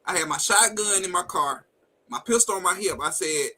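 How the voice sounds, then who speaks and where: A man's voice: high voice, moderate pace, pushed and bright, slightly rough, rough recording. A man hosting a live talk stream, telling a personal story in a blunt, profane, heated way and acting out the quoted dialogue. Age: adult with a wife and kids. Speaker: host. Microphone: video call setup.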